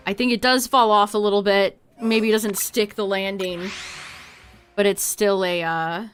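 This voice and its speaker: A woman's voice: medium pitch, steady tone, a little slow. Woman streamer chatting to chat while she plays, laughs a lot, trails off, faint music under. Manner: chatty, laughs often, trails off mid-sentence. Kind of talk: casual livestream chat to viewers.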